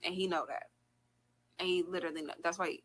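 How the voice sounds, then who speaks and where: Husky-voiced woman ranting casually. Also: on the low side, fast talker, low-quality recording. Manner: rambling, animated, trailing off and restarting. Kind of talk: casual livestream talk.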